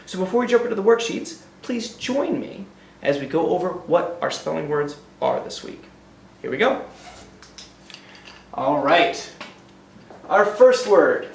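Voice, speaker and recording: A man's voice: a little high, gravelly, slight background noise. A male teacher opening a recorded spelling lesson for young children, upbeat and drilling each word with call and response. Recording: echoey room, mic at a distance.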